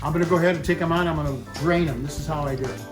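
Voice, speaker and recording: A man's voice: fairly high pitch, fairly even intonation, racing, music in the background. A man hosting a cooking show, chatting casually to the viewer as he demonstrates a recipe and drops in Italian food words.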